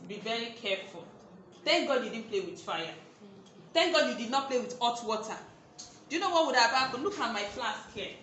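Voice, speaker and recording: A woman teacher, giving an online safety lesson to young children, slow and emphatic, repeating her points. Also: high-pitched, a bit bright. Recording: very echoey room, faint noise.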